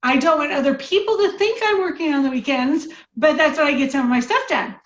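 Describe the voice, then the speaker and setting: High-voiced woman in a roomy, lo-fi recording. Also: brisk. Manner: chatty and teasing, with laughs. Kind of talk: casual interview chat. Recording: roomy, dull lo-fi sound.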